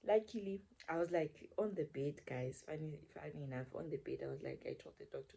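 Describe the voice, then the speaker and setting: A woman's voice: sits low, fairly quick, creaky, dark tone, breathy edge. A young woman telling a chatty storytime to her viewers, often dropping into a whisper. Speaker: vlogger. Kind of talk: casual storytime chat.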